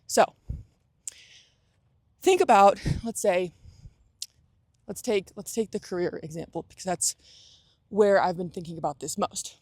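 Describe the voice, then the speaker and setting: A woman's voice: mid-range voice, no room sound, clean studio sound. Earnest young woman giving motivational advice. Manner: earnest, restarts often, acts out inner thoughts. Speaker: host. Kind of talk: motivational talk to camera.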